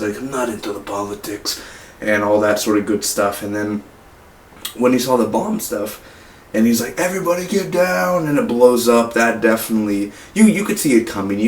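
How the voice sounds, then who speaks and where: Man, low voice, casual movie review, rambling with fillers, echoey room, mic far away. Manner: rambling, many fillers and restarts. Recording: roomy echo, mic far off, faint hiss.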